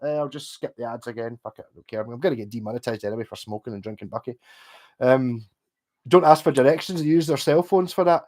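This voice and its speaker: A man's voice: medium pitch, fast, darkish tone. A Scottish man in his forties chatting casually on a livestream, rambling and swearing as he tells stories and trails off mid-sentence. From Scotland. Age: 40s. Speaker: livestream host. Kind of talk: casual chat.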